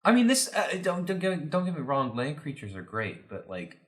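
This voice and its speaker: A man's voice: on the high side, normal speed. A man playing a tabletop game in character, talking casually and hesitantly with many fillers. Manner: animated, hesitant, lots of fillers. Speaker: player.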